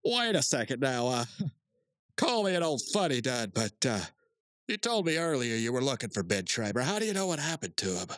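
A man in an improvised comedy skit, talking in a slow, dim-witted way as a police officer. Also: medium pitch, sing-song, fairly bright tone, dry recording, studio quality. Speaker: podcast co-host.

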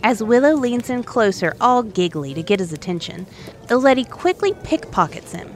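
A woman's voice: fairly high pitch, big pitch swings, normal speed, soft background music. A woman narrating an adventure story in a playful, conversational way.

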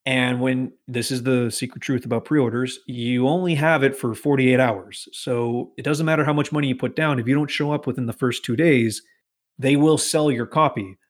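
A man's voice: mid-range voice, normal speed. A man from Massachusetts telling a long work story on a casual podcast, swearing freely and acting out what people said. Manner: animated, profane, quotes people in put-on voices.

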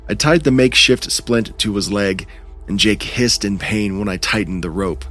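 Male horror narrator, low voice, measured and tense, faint music behind. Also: fairly bright tone. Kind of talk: first-person horror story narration.

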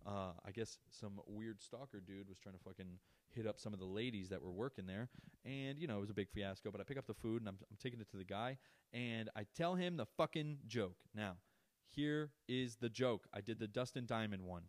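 Brief: young male podcaster, low voice, dry close sound, swears a lot while ranting through a story. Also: brisk, no room sound. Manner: profane, ranting, animated. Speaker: podcast host. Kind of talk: casual storytelling monologue.

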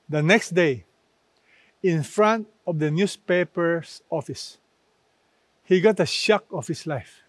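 A man preaching a sermon as pastor, slow and deliberate, with emphatic phrases. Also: on the high side, no room sound.

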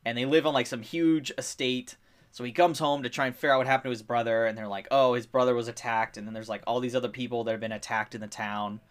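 A young man chatting casually as a podcast co-host, rambling with lots of fillers, getting excited and swearing freely. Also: medium pitch, quick pace. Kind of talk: casual chat.

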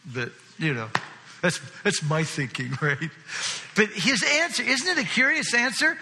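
A man preaching a sermon in a lively, conversational way, often checking in with his listeners. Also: on the high side, a little slow. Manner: animated, conversational, often asks the audience "right?". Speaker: pastor. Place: church hall with a congregation. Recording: long reverb of a large hall.

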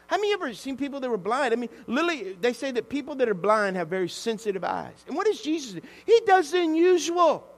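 A man preaching a sermon as pastor, animated, swinging from hushed to shouting. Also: very high-pitched, rapid-fire, hardly any pauses. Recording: long hall reverb with mains hum.

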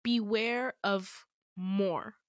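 A woman's voice: medium pitch, fairly even intonation, drawn-out words, clean tone, no echo, studio quality. A woman hosting a podcast, tearful and emotional as she tells a dream, her voice wavering. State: tearful, voice breaking. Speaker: podcast host.

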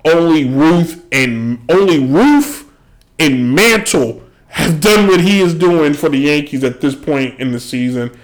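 Animated man ranting about sports. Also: on the high side, a little slow. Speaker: sports podcast host. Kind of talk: casual sports rant.

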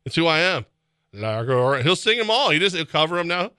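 A man hosting sports radio, talking animatedly with laughs and sudden shouts, reading ads in a studio. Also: fairly high pitch, very animated, fast, smooth, no echo. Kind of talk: casual sports radio banter with live ad reads. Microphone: close studio mic.

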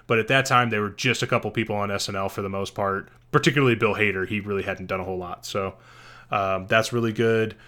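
A man's voice: on the low side, fairly even intonation, fast talker, sharp tone. A man co-hosting a podcast, giving casual, rambling movie recommendations and correcting himself as he goes. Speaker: podcast co-host.

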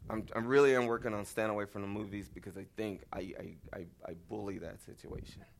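A man's voice: on the low side, fairly even intonation, fast talker, gravelly. A man, a pastor preaching in a conversational style and turning to the congregation with folksy, rambling asides. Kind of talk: conversational sermon. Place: church.

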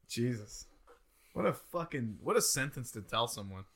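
A young man hosting a casual podcast, teasing and swearing freely. His voice moves up and down a lot as he talks, at a middling pitch. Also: big pitch swings, slow pace, a bit bright, slightly rough. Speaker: podcast host. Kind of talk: casual chat.

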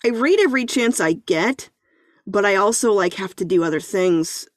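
Woman, 30s, podcast guest; chatty and self-deprecating, mid pitch, dead-dry recording. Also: expressive, moderate pace, no room sound. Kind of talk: casual chat.

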